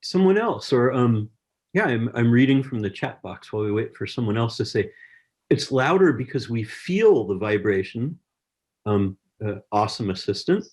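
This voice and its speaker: A man's voice: medium pitch, big pitch swings, normal speed, darkish tone. Male science educator, online workshop host; encouraging, chatty, video-call sound. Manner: encouraging, chatty, reads chat messages aloud. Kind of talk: friendly teaching over a video call.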